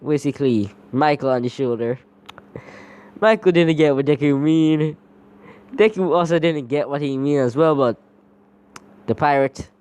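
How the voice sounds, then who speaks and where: A man telling a fan story off the cuff, rambling and circling back with "basically" again and again. His voice is dark and mellow. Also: on the high side, clean tone. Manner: rambling, leans heavily on "basically". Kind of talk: casual fan-story narration.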